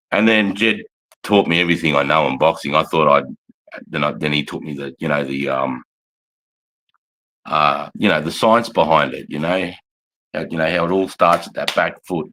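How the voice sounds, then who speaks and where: A man's voice: deep voice, fairly bright tone. An Australian man, an army veteran, telling blunt, profane, rambling stories casually on a livestream.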